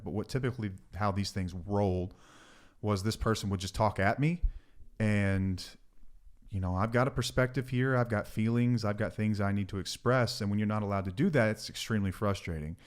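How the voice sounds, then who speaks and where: A man co-hosting a podcast, talking earnestly with joking asides. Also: on the low side. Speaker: podcast co-host. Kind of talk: casual chat.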